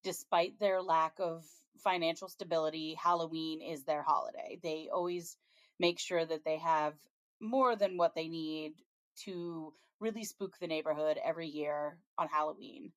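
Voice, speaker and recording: Chatty woman, low voice, very dry sound. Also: steady tone, normal speed, dry recording. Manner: chatty, frequent ums, laughs while retelling scenes. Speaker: podcast co-host. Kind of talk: casual chat, recapping a TV episode.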